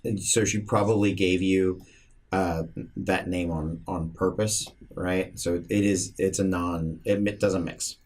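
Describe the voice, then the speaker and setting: Very low husky game master. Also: male voice, steady tone, measured pace, darkish tone. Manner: hesitant, restarts while describing. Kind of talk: narrating a tabletop game.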